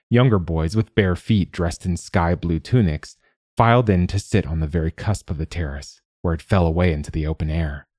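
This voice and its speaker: A man reading a novel aloud in measured, steady scripted narration. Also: sits low, husky, no room sound, clean studio sound. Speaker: audiobook narrator.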